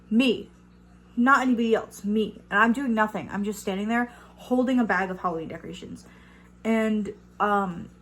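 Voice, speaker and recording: A young woman in her twenties tells a chatty storytime vlog in a mid-range voice, filling her speech with fillers and swearing when riled. Slight background noise is audible.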